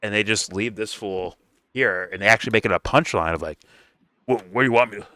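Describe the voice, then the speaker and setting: Profane, animated man reacting, crisp tone. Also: lowish voice, fairly quick, dry recording. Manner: animated, swearing, mocking quoted voices. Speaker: reaction video host. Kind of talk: casual profane reaction commentary.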